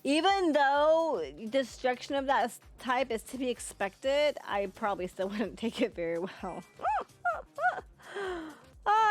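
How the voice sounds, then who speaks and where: Woman streamer, chatty and playful, slightly high voice, unhurried delivery, faint music underneath. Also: big pitch swings. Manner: chatty and playful, laughs often, talks back to chat. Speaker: livestreamer. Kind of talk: live gameplay commentary and chat with viewers.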